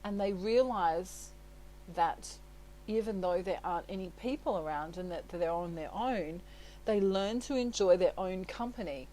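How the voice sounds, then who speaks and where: A woman's voice: lowish voice, measured pace, warm tone, a little hiss or hum, rough recording. A woman giving a casual, chatty tarot reading. She sounds reassuring, laughs often and keeps tagging her points with "right?" and "you know". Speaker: tarot reader.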